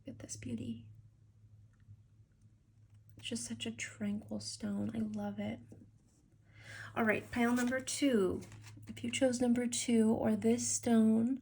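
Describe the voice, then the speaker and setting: A woman's voice: a little high, little pitch movement, slow pace, vocal fry, long pauses, a little mellow. A woman giving a tarot card reading to camera, talking in a gushing, affectionate way.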